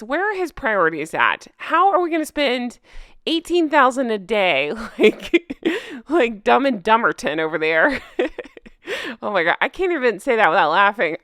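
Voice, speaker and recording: On a laid-back commentary vlog, a woman reads the news aloud with plenty of sarcasm and frequent laughter. She has a mid-range, somewhat bright voice, captured cleanly in a studio with no room sound.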